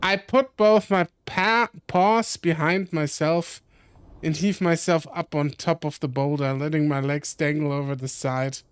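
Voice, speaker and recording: Slow, clear-voiced young man reading aloud. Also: a little high, steady tone, dry recording. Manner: slow reading with frequent self-corrections. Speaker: streamer. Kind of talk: reading a visual novel aloud with commentary.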